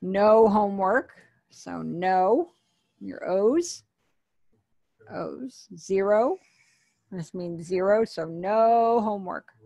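A woman's voice: medium pitch, expressive, extremely slow, creaky, pauses often, warm tone, no room sound, highs cut off. A woman teaching an online sign language class, patiently explaining and repeating each word.

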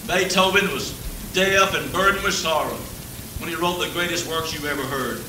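Captured on echoey old tape from far back in a church, with light hiss, a man preaches a folksy revival sermon during the service. His voice is a little high and his speed normal. He jokes, laughs frequently, and builds toward fervent climaxes.

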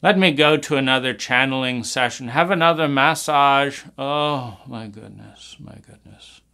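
A man's voice: mid-range voice, moderate pace, sharp tone, smooth, natural voice. A man voicing a weary, dismissive martyr parent who sighs with exasperation. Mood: exasperated.

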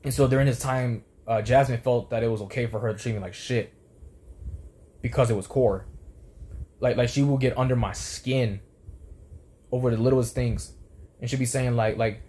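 This former fast food worker, a young man, delivers a profane storytelling rant about his old job, tripping over restarts as he goes on. His voice is medium-pitched, steady, and dark, at a normal speed with long pauses.

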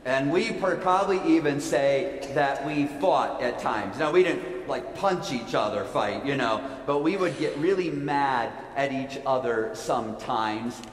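A man's voice: mid-range voice, unhurried, few pauses. A man giving a playful children's sermon, asking his listeners lots of questions. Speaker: pastor. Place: church sanctuary. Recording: echoey church hall with long reverb.

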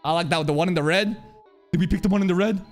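An anime reaction host giving casual, excitable commentary, swearing a lot and laughing often. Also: mid-range voice, very fast, faint music behind.

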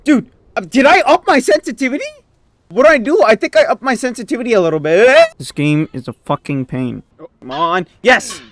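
Gamer raging at a climbing game, wildly swinging pitch, dry close mic, yelps then mutters. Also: lively intonation, fairly quick, dry recording. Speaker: gaming YouTuber. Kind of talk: let's play commentary.

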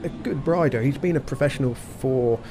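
A man's voice: medium pitch, fairly quick. A man co-hosting a podcast, talking in a casual, chatty way full of asides and fillers. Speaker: podcast co-host. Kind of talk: casual chat. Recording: recording with clear background noise.

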